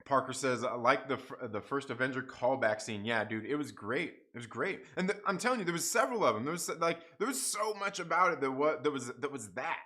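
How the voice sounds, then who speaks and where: Excitable man hosting a livestream review. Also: medium pitch, brisk, few pauses. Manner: excitable, swears often, repeats phrases. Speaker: YouTube show host reviewing TV episodes. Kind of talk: casual livestream commentary.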